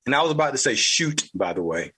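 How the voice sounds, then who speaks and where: A man with a Southern US accent, hosting a podcast with blunt, fired-up political commentary, mild cursing and a husky voice. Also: mid-range voice, sing-song, fast, pushed and bright. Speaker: podcast host.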